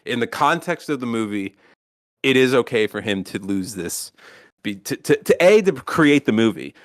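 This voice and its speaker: A man co-hosting a podcast, talking casually in a rambling, profane, animated way with lots of restarts. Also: medium pitch, moderate pace, no echo, clean studio sound. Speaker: podcast co-host.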